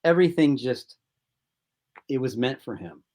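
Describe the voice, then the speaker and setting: A man's voice: mid-range voice, lively intonation, a little slow, a little mellow. Man telling a casting story. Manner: rambling anecdotes with acted-out quotes. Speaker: film director, interview guest. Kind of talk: casual interview storytelling.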